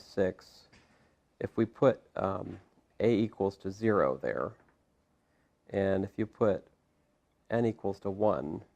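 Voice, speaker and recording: A male math professor lecturing in a classroom, his fairly low voice carrying a gravelly edge. He works through each step aloud, breaking off for asides and quick self-corrections as he goes. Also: a little mellow. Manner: talks through steps with frequent asides and restarts.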